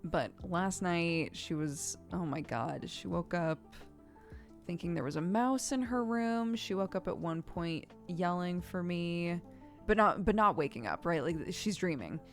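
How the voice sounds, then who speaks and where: A woman's voice: lowish voice, expressive, unhurried, faint music behind. A woman streamer chatting casually, telling stories in a rambling, chatty way. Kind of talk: casual chat while gaming.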